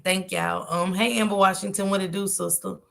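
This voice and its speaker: A woman's voice: medium pitch, fairly even intonation, brisk, gravelly. A woman hosting a casual livestream, chatting and greeting viewers by name in a slangy, chatty manner. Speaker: livestream host.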